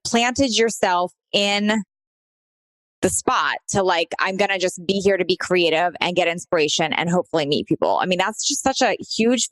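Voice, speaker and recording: Woman podcast host, upbeat, affirming, quick questions, dry close sound. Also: mid-range voice, no room sound. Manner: enthusiastic, affirming, rapid-fire questions. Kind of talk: casual interview chat.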